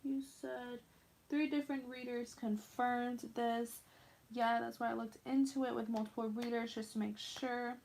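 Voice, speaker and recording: A woman's voice: a little high, fairly even intonation, normal speed, gravelly, darkish tone. A woman with an American accent doing a live tarot reading, chatting and teasing with viewers as she thinks aloud. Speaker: tarot reader.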